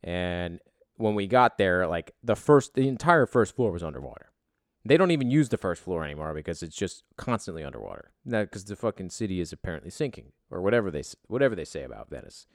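A man's voice: sits low, very animated, fast talker, no echo, studio quality. A man telling a rambling travel story in a profane, self-deprecating, casual way.

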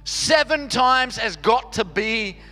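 A man's voice: very high voice, animated, slow, sharp tone, big-room sound, soft background music, pitched above the performer's own voice, exaggerated voice. A man voicing a casual, hesitant male disciple inside his sermon. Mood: musing. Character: doubtful male disciple sizing up his limit.

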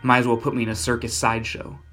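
A man tells a first-person horror story in a gritty, blunt, deadpan manner, at an ordinary middle pitch. Soft music plays faintly behind him. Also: fast. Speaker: narrator.

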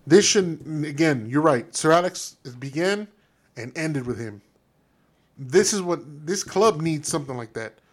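A man's voice: on the high side, animated, a little slow. A man co-hosting a fan podcast, ranting in a heated, profane, emphatic way. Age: adult. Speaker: podcast co-host.

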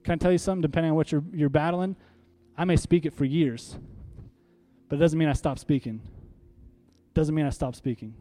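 A pastor preaches emphatically using props on stage, asking rhetorical questions and prompting the congregation to say lines back to him. His voice is on the high side yet dark in tone, steady, and a little fast.

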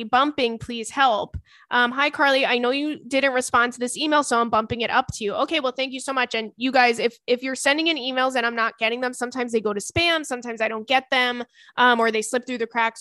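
A young woman hosting a casual advice podcast, chatty and animated, often laughing while she reads listener emails aloud. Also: a little high, no echo, studio quality. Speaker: podcast host giving advice.

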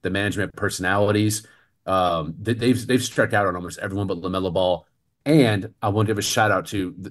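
A man co-hosting a casual postgame basketball chat, opinionated and animated, laughing often. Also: on the low side. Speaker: co-host of a postgame show.

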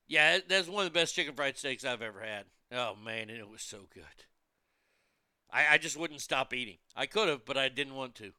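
A man's voice: mid-range voice, expressive, normal speed, pushed and bright, clean tone, dry recording. A man rambling casually about food, movies and wrestling, blunt and profane, with many restarts. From United States.

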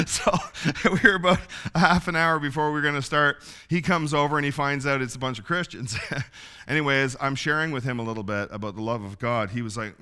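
A male pastor delivers a sermon in a relaxed, folksy storytelling manner. His voice is bright and forward, and he laughs softly now and then as he talks. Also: medium pitch, normal speed, clear, resonant tone. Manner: folksy storytelling, chuckles often.

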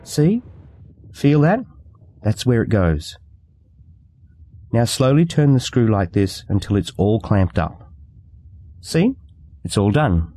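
A man voicing a confident grown man in an audiobook, speaking in a low, steady, coaxing way. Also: slow pace, long pauses, heavily acted.

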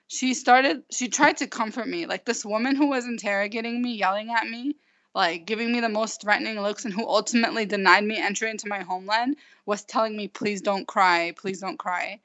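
A woman in her twenties from the United States, recounting events in a halting way with many fillers and restarts. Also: a little high, fairly bright tone. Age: 20s. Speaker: interview guest. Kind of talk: casual recounting. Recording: dull lo-fi recording.

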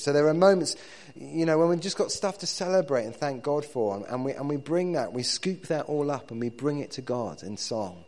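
A man preaching to his church in a relaxed, conversational way, often repeating words as he builds his points. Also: a little high, moderate pace, hardly any pauses. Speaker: pastor. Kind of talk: sermon.

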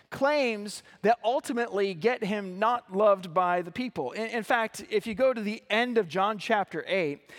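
A pastor with a notably high voice for a man delivers an earnest sermon. He reads scripture passages aloud and then explains them, now and then restarting a phrase or adding an "uh.". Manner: occasional restarts and filler words.

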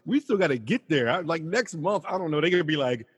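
A man's voice: fairly high pitch, expressive, fast, slightly rough. A young man in casual group chat, riffing playfully and laughing along.

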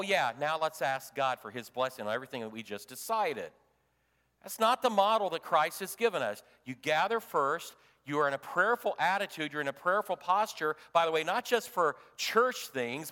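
Preaching man in an echoing hall. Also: on the high side. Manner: preaching with big swings from loud to hushed. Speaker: pastor. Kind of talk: sermon.

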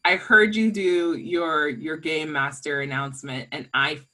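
Bubbly, bright-voiced woman laughing through chat. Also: sits low, unhurried. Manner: bubbly, laughs often, excitable. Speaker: podcast co-host. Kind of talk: casual chat.

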